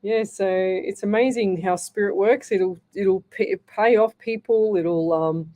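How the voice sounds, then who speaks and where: A woman's voice: mid-range voice, steady tone, measured pace, mellow. A middle-aged woman with an Australian accent, hosting a live radio show as a psychic medium and talking in a rambling way with many restarts.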